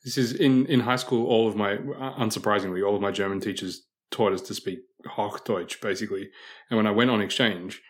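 A man's voice: on the low side, steady tone, fairly quick. A man in a casual group chat, telling an anecdote in a chatty, wry way with small chuckles. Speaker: podcast panelist.

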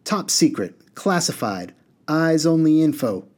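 A man's voice: on the high side, sing-song, measured pace, darkish tone, pitched above the performer's own voice. A man reading aloud and voicing a petulant little male water genie who rattles off strings of stock phrases in a fussy, officious way. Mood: sulky.

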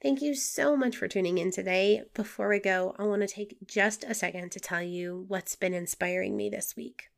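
A woman's voice: medium pitch, normal speed, gravelly, hardly any pauses. A woman hosting a faith-based podcast, talking in a friendly, earnest way, her voice nasal from a cold. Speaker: podcast host.

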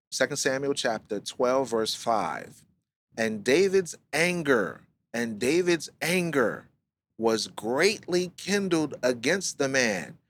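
A man's voice: lowish voice, slight background noise. Man teaching scripture on a livestream. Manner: reads scripture slowly, then explains in lively slang. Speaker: Bible teacher. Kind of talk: live-streamed Bible study.

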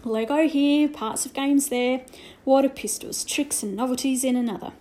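A woman reading a children's novel aloud with gentle storytelling and hushed asides. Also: high voice, steady tone, normal speed. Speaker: reader.

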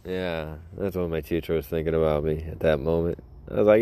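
Laughing, rambling man, slightly low voice. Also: animated, a little fast, mellow, clean tone, no echo. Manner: rambling, keeps breaking into laughter. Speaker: podcast host. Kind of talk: casual storytelling.

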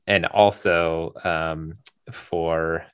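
A man's voice: deep voice, fairly even intonation, very slow, clear, resonant tone, no room sound, studio quality. A man co-hosting a movie podcast in casual chat, rambling with lots of fillers and restarts. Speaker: podcast co-host.

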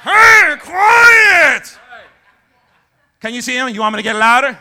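A man pastor preaching an impassioned sermon at a church service and shouting to the congregation for a response. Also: extremely high pitch, little pitch movement, very fast, a little hiss or hum.

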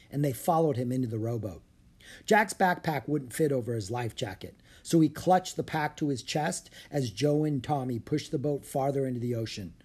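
An audiobook narrator reading a children's adventure aloud, steady and clear, shifting slightly into each character. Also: mid-range voice. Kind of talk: storybook read-aloud.

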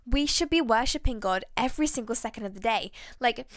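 A woman hosting a faith podcast, talking in an excitable, heartfelt and rambling way. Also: fairly high pitch, a little fast, dry recording, clean studio sound. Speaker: podcast host.

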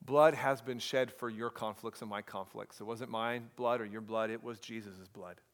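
A man in his thirties preaching a sermon as pastor, earnest and dropping to a hushed voice for emphasis. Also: on the low side, steady tone, normal speed.

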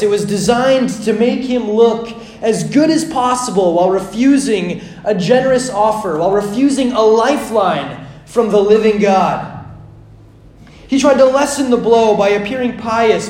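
A man with a high voice preaches slowly and deliberately. He swings from loud, urgent pleas down to hushed, drawn-out words. The room around him rings with echo. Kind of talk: sermon.

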